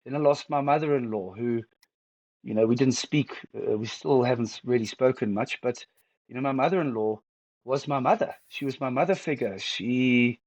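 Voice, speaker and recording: A middle-aged man opens up in an interview, his voice heavy and close to tears. He talks in halting bursts, restarting sentences as feelings catch up with him. The sound is dry and close, with almost no room around it. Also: mid-range voice, darkish tone, no echo, rough recording. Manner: halting, emotional, with many restarts. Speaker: guest. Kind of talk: candid personal interview.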